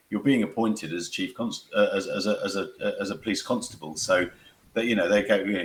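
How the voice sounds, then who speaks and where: A man, a crime author and former police officer, answering interview questions in a halting way with many repeated words and restarts, on a video call. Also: sits low, fairly bright tone.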